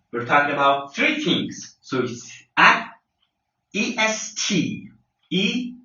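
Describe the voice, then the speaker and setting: Slow, bright-voiced male teacher, roomy sound. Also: on the high side. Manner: slow and deliberate, spells letters out, frequent fillers. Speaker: English teacher. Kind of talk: classroom grammar lesson. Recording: lo-fi, roomy, mic at a distance.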